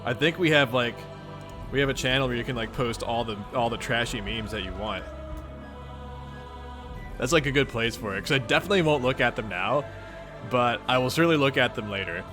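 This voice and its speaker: A young Midwestern American livestream host reads a webcomic, welcoming viewers with playful, upbeat goofiness. His medium-pitched delivery is brisk but broken by long pauses, and music plays underneath.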